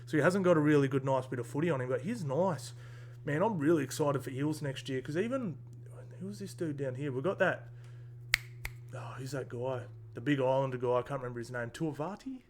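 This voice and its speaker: Rambling bloke recapping footy. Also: male voice, medium pitch, brisk, a little mellow, a little hiss or hum. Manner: rambling, chatty, lots of fillers and asides. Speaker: sports tipping vlogger. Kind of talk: casual rugby league recap.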